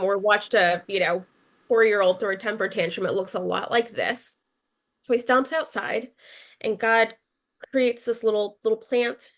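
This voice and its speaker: A woman preaching a sermon in a relaxed, conversational way, with asides and fillers. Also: mid-range voice.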